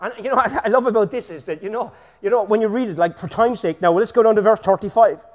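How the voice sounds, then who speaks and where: High-voiced preacher shouting. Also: male voice, quick pace, long reverb tail. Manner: energetic, shouting, constant "amen?". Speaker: pastor. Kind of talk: sermon.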